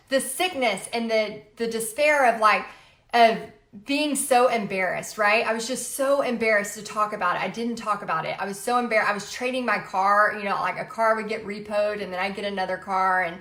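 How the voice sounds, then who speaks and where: A woman in her late thirties hosting a livestream, telling a personal story in a chatty, animated way with lots of fillers. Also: a little high. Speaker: livestream host. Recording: echoey room.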